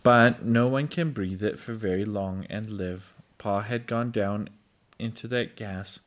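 A man reading a children's storybook aloud, halting and stumbling over words. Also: lowish voice. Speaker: reader.

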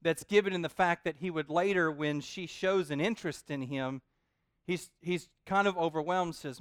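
Man, pastor, sermon, high pitch, resonant voice, animated asides. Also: normal speed, no room sound, studio quality. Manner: animated, joking asides, repeats words.

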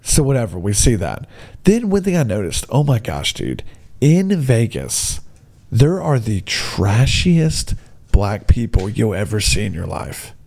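A man telling a story as a casual rant, blunt and excitable, often calling the listener "dude". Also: lowish voice, measured pace, creaky.

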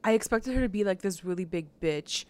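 A woman's voice: medium pitch, expressive, fairly quick, darkish tone, clear, resonant tone, no echo. Gushing woman chatting about a show. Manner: emotional, gushing, filler-heavy talk. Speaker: podcast co-host. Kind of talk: casual chat recapping a TV episode.

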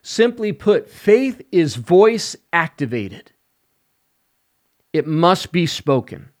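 Slow, emphatic male evangelist. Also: on the high side, sing-song. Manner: slow, emphatic preaching with rising stress on key words. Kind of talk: podcast sermon.

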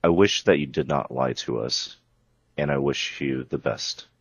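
Very deep, husky man on a dull mic. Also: fairly bright tone. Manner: halting, correcting himself. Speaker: player. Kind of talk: tabletop role-play.

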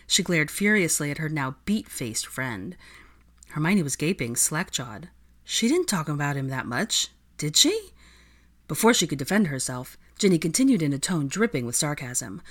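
A woman reading fan fiction aloud in an expressive storytelling way. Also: deep voice, normal speed. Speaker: reader.

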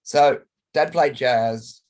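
A hoarse Australian man with a croaky voice from a chest cold chats as a podcast guest. He talks in a playful, flamboyant way and speaks at a middling pitch. His voice comes over a video call. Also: very slow, a little mellow. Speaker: guest performer. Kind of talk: casual interview chat over video call.

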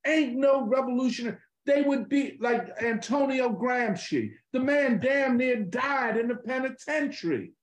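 A man talking politics in an animated, emphatic way, full of street slang and swearing. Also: very high-pitched, unhurried, few pauses, roomy sound, rough recording. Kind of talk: political conversation.

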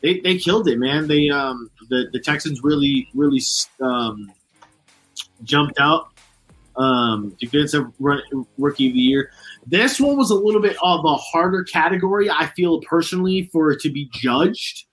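Husky, higher-voiced man hosting sports talk. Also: lively intonation, normal speed, fairly bright tone, rough recording. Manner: hesitant, lots of ums and restarts. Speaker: podcast co-host. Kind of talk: casual chat.

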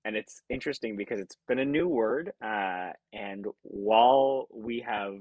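A man from California, an actor talking as a podcast guest in an earnest, reflective way, acting out remembered thoughts with sudden jumps in pitch. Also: unhurried, dry recording, muffled recording. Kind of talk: conversational interview.

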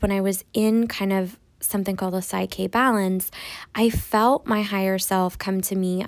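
A woman's voice: medium pitch, gravelly, no echo. A woman hosting a spiritual podcast in a casual, rambling monologue. She is sniffly after crying, and her talk is playful and full of laughs. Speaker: podcast host.

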